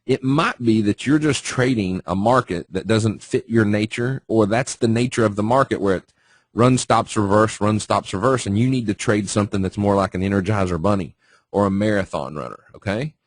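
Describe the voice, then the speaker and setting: A man's voice: on the low side, moderate pace, dry recording. A man teaching trading in a casual webinar, talking conversationally and asking the audience questions. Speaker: trading educator.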